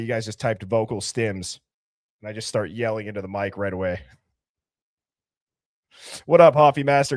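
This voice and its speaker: A man hosting a casual live stream, reading out viewer names and comments with loud greetings and laughs. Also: medium pitch, dry recording, clean studio sound. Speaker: livestream host.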